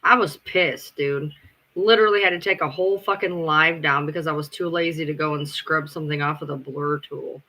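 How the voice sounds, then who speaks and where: Bright-voiced, swearing streamer guy. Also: fairly high pitch, steady tone, a little fast. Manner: rambling, profane, answers chat. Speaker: live streamer. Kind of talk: casual live-stream chat.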